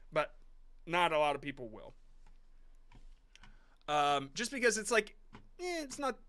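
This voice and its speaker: A man's voice: fairly high pitch, sharp tone, smooth. A man in his thirties hosting a live stream, giving frank, rambling casual commentary on viewers' short videos, with restarts and mild swearing. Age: 30s.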